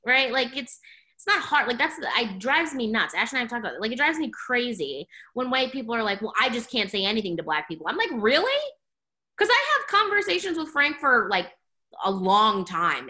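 A woman talking in a casual podcast chat, blunt and animated, saying "like" a lot and swearing freely. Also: on the high side, normal speed.

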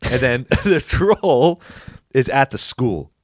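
A man's voice: mid-range voice, very animated, slow pace, no echo, clean studio sound. A man co-hosting a podcast, retelling a movie scene in a casual, laughing manner. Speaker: podcast co-host. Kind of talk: casual chat.

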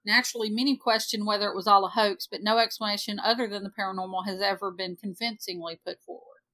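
A woman's voice: medium pitch, steady tone, quick pace, bright, forceful tone. A woman in her forties co-hosting a podcast, reading a ghost story aloud with joking asides. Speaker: podcast co-host.

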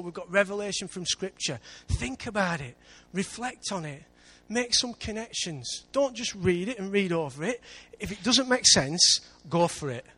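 A man with an English accent preaching a sermon in church, lively, with big swings between loud and quiet. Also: sits high. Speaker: pastor.

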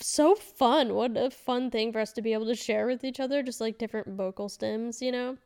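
A woman in her thirties hosts a casual solo podcast in a fairly high, clear, resonant voice with a slightly mellow quality. Chatty and candid, she rambles with fillers and corrects herself as she goes.

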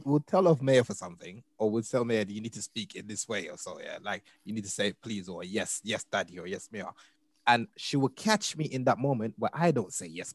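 A young father chatting casually on a podcast, animated and often trailing off quietly. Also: fairly low pitch, no room sound. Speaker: podcast co-host. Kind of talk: casual chat.

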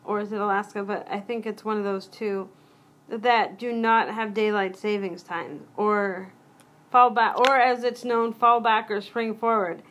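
A woman's voice: mid-range voice, fairly even intonation, unhurried, fairly bright tone. A woman hosting her own solo podcast, talking casually in a rambling way and often cutting herself off mid-thought. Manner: rambling, interrupts herself, chatty asides. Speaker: podcast host.

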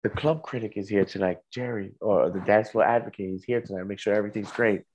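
A man's voice: lowish voice, fast, darkish tone, husky, lo-fi sound. A man co-hosting a casual podcast, telling stories in a laid-back way and swearing now and then. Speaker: podcast co-host. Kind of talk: casual chat.

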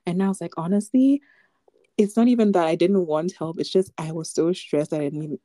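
Fairly low in pitch and warm in tone, this young woman's voice moves fairly quickly in a dry recording. As a podcast co-host in a casual chat, she tells a personal story with many fillers and gentle laughter.

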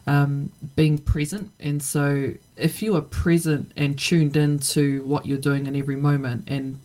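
A woman's voice: low-pitched, level tone, a little slow, dark tone, poor audio. A middle-aged woman talking reflectively in a casual podcast conversation, with many fillers and restarts. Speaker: podcast guest.

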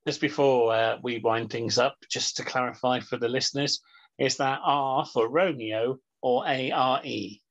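A man's voice: mid-range voice, fairly even intonation, a little slow. A man co-hosting a podcast in casual chat, easygoing, with short remarks. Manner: easygoing, brief interjections. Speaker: podcast co-host. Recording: dull lo-fi podcast audio.

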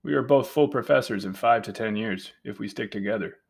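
A man voicing an ambitious, grasping male scientist with a forceful laugh in an audiobook. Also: on the low side, fairly quick, creaky, breathy edge. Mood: brash.

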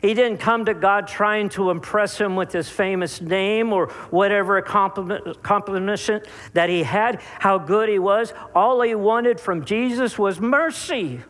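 A man preaching a sermon, speaking to his listeners directly and stressing key words by drawing them out, with sharp rises and drops. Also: high voice, a little slow, few pauses. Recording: long hall reverb.

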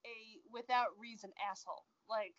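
A woman chatting casually about movies, animated and joking, often trailing off mid-sentence. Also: fairly high pitch, moderate pace, highs cut off, heavy background noise.

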